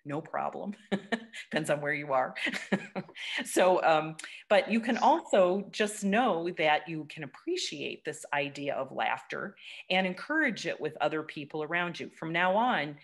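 A woman leading an online laughter workshop over a video call, encouraging, laughing often and chanting loudly. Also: low-pitched, lively intonation, unhurried.

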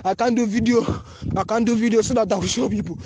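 A high, fast male voice with fairly even intonation comes through a phone voice note over a noisy background. The anonymous speaker has a Nigerian English accent and makes an urgent appeal, pleading and repeating himself.

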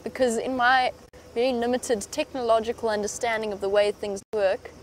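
A woman's voice: a little high, level tone, normal speed, a little hiss or hum. A woman safari guide giving chatty live commentary from an open vehicle in the bush. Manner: chatty and hopeful, hushed when near animals.

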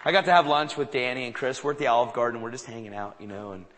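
A man preaching a sermon to a live audience. He tells anecdotes in an animated way and acts out the dialogue. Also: mid-range voice, racing. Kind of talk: sermon storytelling. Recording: long reverb of a large hall.

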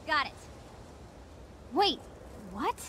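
A woman's voice: high voice, very slow, a little hiss or hum, heavily acted. An actress voicing a playful, brash young teenage girl who teases and laughs easily, in a game scene. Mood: excited. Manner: teasing, laughing, excitable. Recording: game scene with music underneath.

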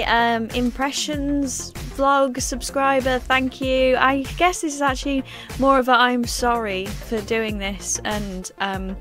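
A woman's voice: high voice, fairly even intonation, slow, a bit bright, faint music behind. A woman vlogger chatting casually and hesitantly, with lots of fillers. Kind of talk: casual chat.

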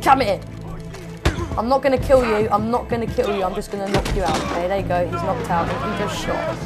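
A man giving excitable, shouty let's-play commentary. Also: high voice, fairly quick. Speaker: gaming YouTuber. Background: loud game music and sounds.

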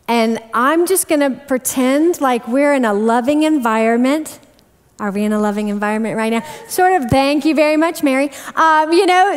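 Woman preacher, high voice, animated and self-deprecating, reverberant church hall. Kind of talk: sermon.

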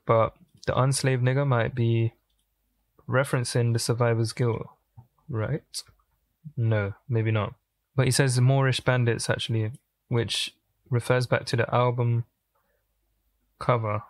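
A man hosting a music reaction, thinking aloud in casual commentary with pauses and restarts. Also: mid-range voice, little pitch movement, dry recording. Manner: thinking aloud, musing and pausing.

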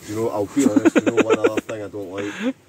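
A man with a Scottish accent chatting casually with friends while cooking at a wild camp, animated and joking. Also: on the low side, racing, over a noisy crowd. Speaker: vlogger, wild camper. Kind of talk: casual camping vlog chat. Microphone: handheld camera.

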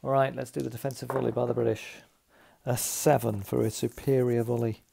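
Gravelly, dark-voiced man narrating dice rolls. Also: mid-range voice, level tone, fairly quick. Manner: methodical, thinks aloud while tallying dice rolls. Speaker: tabletop wargame player narrating a solo game. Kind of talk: casual play-by-play narration.

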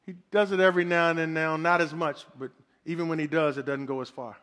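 A man doing a low, calm big brother. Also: quick pace, close to an everyday voice. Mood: knowing, calm. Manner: low, quiet, knowing and offhand. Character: calm older brother who once beat the bully.

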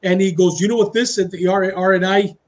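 Man, middle-aged, retired cop, high-pitched voice, animated storyteller, slips into spanish quotes. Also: a little fast. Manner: animated storyteller who acts out dialogue, slipping into Spanish phrases. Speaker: retired police officer, podcast guest. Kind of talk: casual storytelling interview.

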